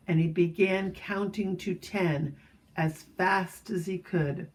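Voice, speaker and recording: A woman reading a children's chapter book aloud, gentle and storytelling, with asides to young listeners. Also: on the low side, fairly even intonation, takes it slowly, slight background noise, poor audio.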